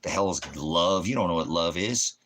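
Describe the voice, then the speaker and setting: Ministry host, male, angry profane ranter, low-pitched tense voice, combative. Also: animated, normal speed. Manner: angry, scornful, loud and combative. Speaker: ministry host reading viewer comments. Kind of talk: profane livestream rant.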